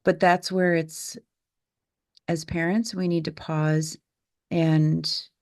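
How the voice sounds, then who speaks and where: Low gravelly woman, earnest podcast host. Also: flat delivery, slow, darkish tone, no echo, studio quality. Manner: earnest, reflective storytelling. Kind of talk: candid conversational podcast.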